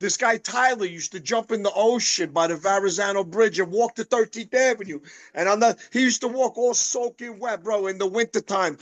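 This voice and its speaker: Rowdy profane Brooklyn co-host with a very high-pitched voice. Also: male voice, normal speed. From New York. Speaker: podcast co-host. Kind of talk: casual storytelling chat.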